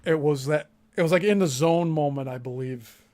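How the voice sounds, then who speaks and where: A man's voice: a little high, normal speed, a little mellow. A man hosting a casual talk show, commenting bluntly and emphatically, swearing freely.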